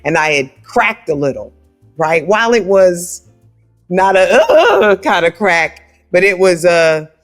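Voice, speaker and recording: Here a guest singer speaks on the low side and at a slow pace, with faint music in the background. Her big, scratchy voice carries an animated, conversational storytelling chat in a casual interview, punctuated often by "right?"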